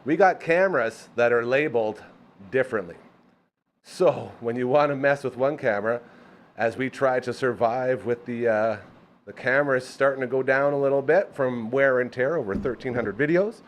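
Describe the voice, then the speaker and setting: A man's voice: mid-range voice, lively intonation, a little fast. A man hosting a studio show, delivering an upbeat, salesy sponsor read with jokey asides. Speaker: host. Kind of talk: live-read sponsor ad and casual chat. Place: small studio.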